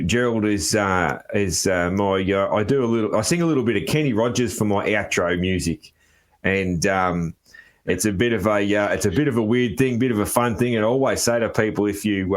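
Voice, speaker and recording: An Australian man hosting a podcast interview, talking in a halting way with lots of fillers and restarts. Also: fairly low pitch. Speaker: podcast host. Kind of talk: casual interview chat.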